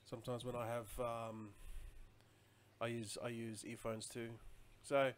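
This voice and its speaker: A man's voice: mid-range voice, little pitch movement, a little slow, a little hiss or hum. A man chatting casually on a live stream, rambling loosely and answering viewer comments as he goes.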